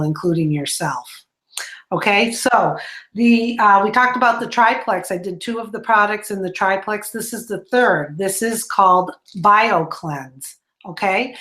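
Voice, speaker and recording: A woman's voice: mid-range voice, fairly bright tone. Woman, host, upbeat explanatory product presentation, talks to the audience. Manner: upbeat and explanatory, checking in with "okay".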